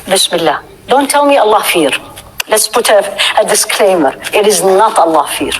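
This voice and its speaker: A woman teaching a religious class to a live audience, asking the room questions and stressing key words, sometimes dropping to a soft hush. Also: mid-range voice, moderate pace, a little hiss or hum, rough recording. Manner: animated, asks the audience questions.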